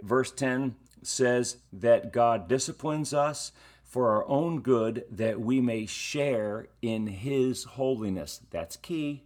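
Middle-aged guy preaching, slow and chatty, tells stories, punches the key words. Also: medium pitch, a little mellow. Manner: conversational, story-telling, emphatic on key words. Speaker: pastor. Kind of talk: sermon.

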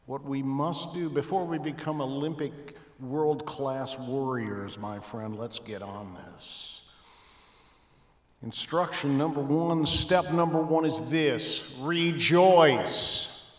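A man's voice: medium pitch, fairly even intonation, slow. A man preaching a sermon as pastor, emphatic with dramatic rises and drops in his voice. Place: church sanctuary. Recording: echoey church hall.

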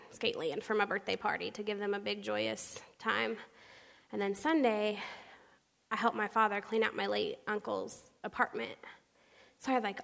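A young woman giving a personal testimony to a church congregation, animated and storytelling, acting out the people she quotes. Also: medium pitch, gravelly. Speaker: church speaker sharing her testimony. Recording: long hall reverb.

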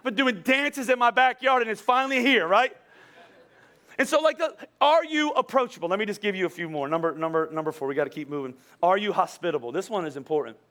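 A man with a notably high-pitched voice delivers a relaxed, conversational sermon. He jokes and laughs as he goes, often doubling back on his words before pressing on. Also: fast talker. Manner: chatty, joking, with frequent laughs and repeated words. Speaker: pastor.

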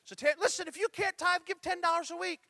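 A man's voice: very high voice, fairly even intonation, fast talker, no echo, pitched above the performer's own voice, heavily acted. A man imitating a woman pastor with a Texas twang who firmly urges her congregation to give. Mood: exhorting. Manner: forceful, exhorting, loud. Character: bold preaching woman pastor urging giving.

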